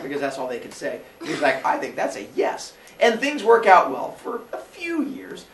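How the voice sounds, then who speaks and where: A man teaching a class, telling a myth in a comic way and jumping into quick character voices. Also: on the high side. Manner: animated, jokey, acts out characters in quick voices. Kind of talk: comic storytelling lesson. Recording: roomy echo from far off with faint noise.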